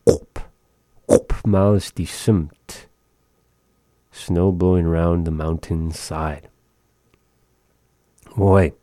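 A very deep, unhurried man voice teaching vocabulary one word at a time. He repeats each word, sounding dark and mellow, as if close to a dry mic. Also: fairly even intonation, dry recording. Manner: slow, repeats each word, chuckles at odd words. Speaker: language teacher.

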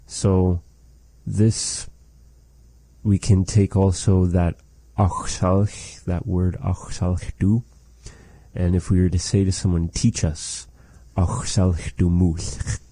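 A man teaching a language lesson, slowly and patiently repeating words for a learner. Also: low-pitched, level tone, dark tone, no room sound, rough recording.

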